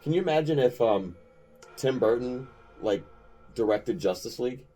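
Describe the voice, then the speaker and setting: A man's voice: medium pitch, lively intonation, normal speed, warm tone, soft background music. A man co-hosting a podcast in casual chat, rambling and enthusiastic, often breaking into laughter. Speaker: podcast co-host.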